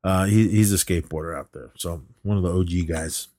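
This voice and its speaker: A man hosts a podcast, walking through a movie's plot in a loose, rambling style full of fillers. His voice sits fairly low, and the sound is dry and close. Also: fairly even intonation, fairly quick, dark tone, no echo. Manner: rambling, filler-heavy storytelling. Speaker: podcast host. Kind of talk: casual movie recap.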